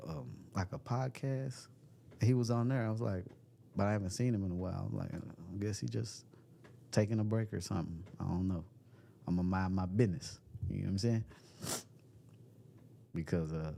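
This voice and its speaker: A man's voice: low voice, creaky, dark tone, a little hiss or hum. A man hosting a casual livestream, reading chat comments aloud, joking and laughing often, with loose slangy talk. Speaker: livestream host. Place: cold room at home.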